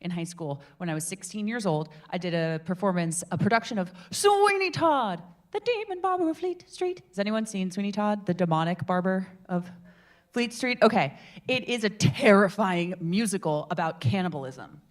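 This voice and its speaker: A woman in her twenties hosting a public speaking meetup, telling stories to a live group in a theatrical, animated way. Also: normal speed. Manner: animated, theatrical storyteller with big swings in pitch and volume. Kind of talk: lively workshop talk to a live group.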